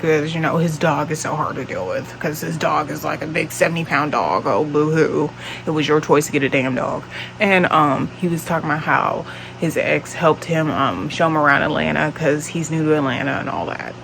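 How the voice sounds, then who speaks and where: A woman's voice: sits low, gravelly, noisy background. A woman in her late twenties telling a dating story on her vlog in a blunt, profane, exasperated way. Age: late 20s. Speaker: vlogger.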